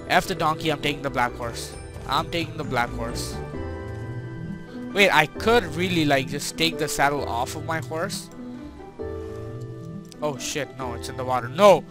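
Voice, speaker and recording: Excitable young guy narrating his gameplay. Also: on the high side. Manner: excitable, talks to himself and his horse, frequent mild swearing. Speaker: gaming video creator. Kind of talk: gameplay commentary.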